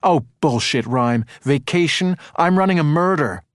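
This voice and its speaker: A man's voice: mid-range voice, moderate pace, no room sound, clean studio sound, voice pushed up, natural voice. A man voicing an angry woman detective. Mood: irritated. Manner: clipped, blunt and irritated. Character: sharp-tongued woman police detective, tense and angry.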